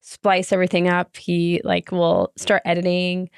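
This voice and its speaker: A woman's voice: lowish voice, monotone, unhurried, smooth, no room sound, studio quality. A woman co-hosting a casual podcast, enthusiastic and chatty, recorded on a phone. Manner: enthusiastic, says "like" a lot. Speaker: podcast co-host. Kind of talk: casual chat.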